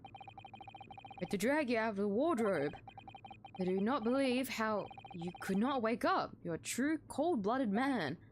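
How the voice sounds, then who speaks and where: A woman's voice: on the high side, lively intonation, measured pace, a little hiss or hum, pitched below the performer's own voice. A woman reading aloud as a stern, accusing female detective on a ship, in a stiff, haughty manner.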